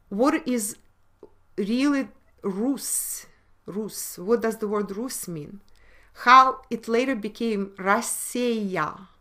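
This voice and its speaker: Slow, bright-voiced woman lecturing. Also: mid-range voice. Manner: slow, emphatic, asks rhetorical questions. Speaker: webinar presenter. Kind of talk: lecture on word origins.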